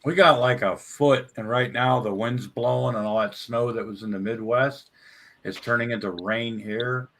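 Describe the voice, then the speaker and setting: A man's voice: medium pitch, moderate pace. A man telling crude stories in casual chat, laughing and swearing as he talks. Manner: laughing, swearing, animated storytelling.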